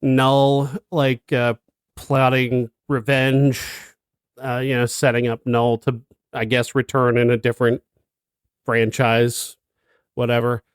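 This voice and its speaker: A man's voice: mid-range voice, completely flat delivery, slow, smooth, dry recording, clean studio sound. A man co-hosting a film review podcast, chatting bluntly and in an exasperated way, often laughing. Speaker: podcast co-host, film critic. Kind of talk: casual chat.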